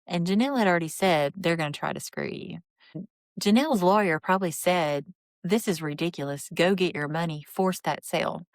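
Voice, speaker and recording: Low-voiced blunt woman podcast host. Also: brisk, dry recording. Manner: blunt, indignant, opinionated retelling. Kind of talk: reality TV recap commentary.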